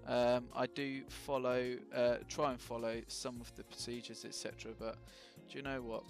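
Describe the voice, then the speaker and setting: A man's voice: mid-range voice, flat delivery, moderate pace, creaky, faint music behind. A man casually talking through his flight sim setup on a live stream, chatty and full of ums and self-mocking jokes.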